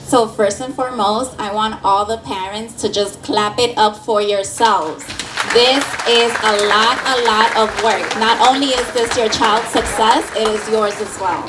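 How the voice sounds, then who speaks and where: A woman with a fairly high voice speaks as parent coordinator and announces names at a ceremony. She speaks in a measured, formal way. The sound is echoey and distant, with clear noise around her. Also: steady tone, crowd noise. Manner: measured and formal, calls people up to the stage.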